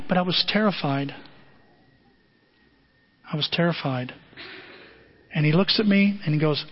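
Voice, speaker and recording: Pastor, male, earnest storyteller; somewhat high voice on a dull lo-fi recording. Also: measured pace, pauses often. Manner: earnest, storytelling, self-deprecating. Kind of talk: sermon.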